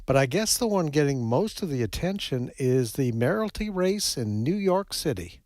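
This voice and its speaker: A radio news director with a slightly higher male voice gives the news in a wry, matter-of-fact way. His voice is close and dry in the studio. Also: sing-song, moderate pace, a little mellow, no echo. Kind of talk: casual talk radio chat.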